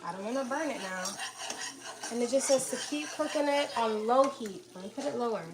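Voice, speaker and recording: A woman's voice: on the high side, brisk. A young woman hosting a casual cooking live stream, chatting with viewers by name and laughing often as she cooks in her home kitchen. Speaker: livestream host cooking dinner. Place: home kitchen with pots and dishes clattering. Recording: kitchen clatter and household noise in background.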